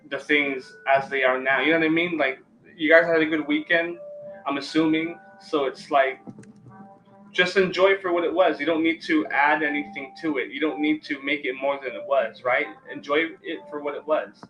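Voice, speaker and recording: A man's voice: on the high side, steady tone, moderate pace, a bit bright, dull audio, faint music behind. A man hosting a live-stream tarot reading, talking loosely with many fillers and restarts.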